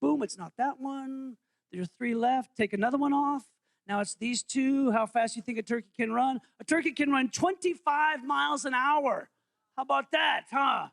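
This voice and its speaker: Playful high-voiced pastor with gravel. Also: male voice, moderate pace, fairly bright tone. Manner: playful, quizzing the congregation. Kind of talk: interactive sermon. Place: church sanctuary.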